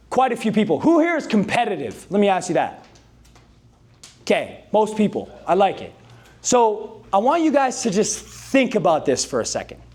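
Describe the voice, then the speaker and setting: A man giving an energetic motivational speech to a live sales team, calling on the audience to answer and repeat after him. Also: sits high. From Canada. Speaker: sales trainer. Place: dealership meeting room with a live audience.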